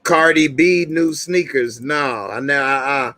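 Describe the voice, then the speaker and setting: A man's voice: mid-range voice, slow pace, long pauses, pushed and bright, dry recording. Laid-back chatty man, dry close sound. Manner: laid-back, chatty, laughs often, talks to viewers. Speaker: show host. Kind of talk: casual live-stream commentary.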